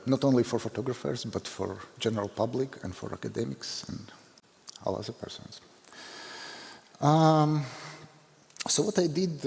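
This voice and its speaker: A Latvian man with a Latvian accent, speaking in halting, self-deprecating English with many fillers as a photographer giving a conference talk. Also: medium pitch, gravelly, darkish tone. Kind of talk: unscripted conference presentation. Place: large hall. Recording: long hall reverb.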